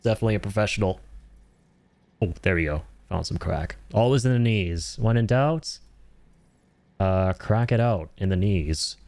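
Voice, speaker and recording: Low-voiced joking male streamer. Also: expressive, measured pace, creaky, a little mellow, dry recording. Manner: joking, profane, mixing in Hindi phrases. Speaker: game streamer. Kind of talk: casual gameplay commentary. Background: game music.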